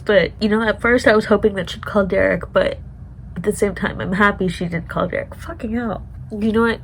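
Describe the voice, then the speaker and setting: A woman's voice: mid-range voice, fairly even intonation, brisk, a little hiss or hum, poor audio. A woman vlogger reacting to a TV show in casual chat, emotional and swearing often as she talks to herself.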